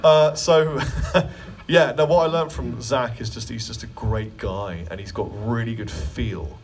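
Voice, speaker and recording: A man's voice: mid-range voice, measured pace, breathy edge, far from the mic. A man leading a guitar clinic in a music store, answering questions in a chatty, joking way. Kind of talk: live clinic Q&A storytelling.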